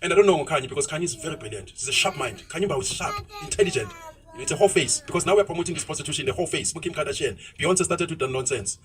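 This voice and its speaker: A South African man speaking fast and outspokenly while driving, dropping Zulu words into a casual opinionated monologue. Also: on the high side, lively intonation, fairly bright tone, far from the mic, a little hiss or hum, low-quality recording. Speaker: vlogger. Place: inside a moving car.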